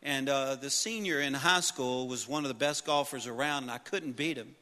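A middle-aged man preaching a sermon, telling personal stories with humor and building to loud exhortation. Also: medium pitch, normal speed. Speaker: pastor. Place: church sanctuary. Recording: long reverb of a large hall.

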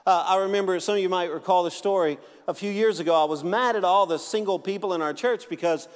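A man's voice: sits high, fast, clean tone, in a large hall. A male pastor preaching a sermon in a joking, conversational way, with frequent restarts.

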